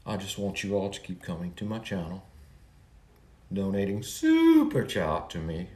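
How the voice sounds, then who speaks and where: A man playing a boastful, self-important true-crime livestreamer who rambles and swings between loud complaints and hushed asides. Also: low voice, huge pitch swings, normal speed, roomy sound. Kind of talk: parody livestream monologue.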